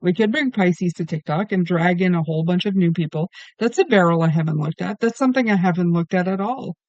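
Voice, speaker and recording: High-voiced earnest man giving a tarot reading. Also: fast talker, a little mellow, dry recording, dull audio. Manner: earnest, emphatic, keeps asking why. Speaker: tarot reader. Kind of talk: solo tarot reading monologue.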